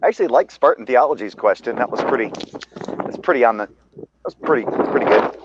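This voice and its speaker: A man's voice: medium pitch, lively intonation, fast talker. A man on a casual online call, making crude jokes. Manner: crude joking. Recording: dull lo-fi call audio with loud noise.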